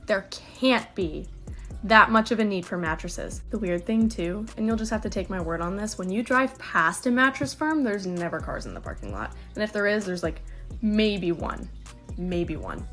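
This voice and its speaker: A woman's voice: mid-range voice, a bit bright. A woman from Texas talking in a casual social media clip, conspiratorial and emphatic.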